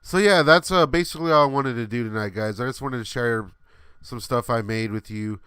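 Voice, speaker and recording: A man's voice: medium pitch, fairly quick, pushed and bright, clean tone, no room sound, clean studio sound. A man in his thirties hosting a livestream, telling a rambling, laughing story with many fillers and some swearing. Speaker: livestream host.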